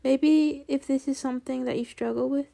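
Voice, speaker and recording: A woman hosting a reflective solo podcast, a little nasal from allergies, speaking in a gentle, earnest way. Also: high-pitched, fairly even intonation, moderate pace, creaky. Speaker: podcast host.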